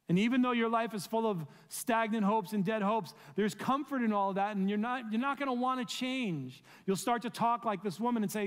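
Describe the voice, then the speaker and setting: A man's voice: high-pitched, normal speed. Earnest preacher man in a reverberant sanctuary. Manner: earnest, pleading, rhetorical questions. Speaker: pastor. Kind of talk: sermon. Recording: long reverb of a large room.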